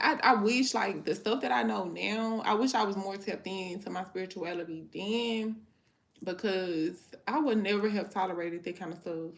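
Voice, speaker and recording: Candid gravelly-voiced woman host. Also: medium pitch, fairly bright tone. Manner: candid and frank, slangy, laughs often while talking. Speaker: livestream host chatting with viewers; mother. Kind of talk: casual chat.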